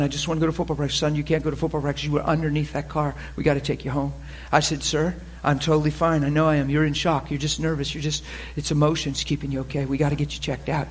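A pastor telling a story from the pulpit in an animated way, dropping quiet and then laughing and shouting. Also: male voice, fairly high pitch, a little hiss or hum. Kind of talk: storytelling sermon. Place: church sanctuary pulpit.

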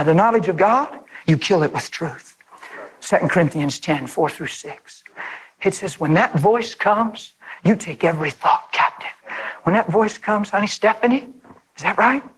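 A man preaching a sermon, fervent and animated, speaking straight to his listeners and acting out prayers. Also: breathy edge, poor audio. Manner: fervent, animated, voice leaps high when excited; addresses listeners directly and acts out prayers.

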